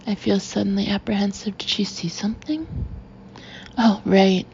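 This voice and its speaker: A woman's voice: mid-range voice, steady tone, normal speed, vocal fry, darkish tone, muffled recording, a little hiss or hum. A woman narrating a novel in first person, with a wry, understated delivery. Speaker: audiobook narrator.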